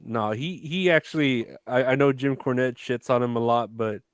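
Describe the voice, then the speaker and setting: A young man co-hosting a podcast in a relaxed, casual chat, hesitating often with fillers. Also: mid-range voice, moderate pace, smooth, dry recording, studio quality. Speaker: podcast co-host.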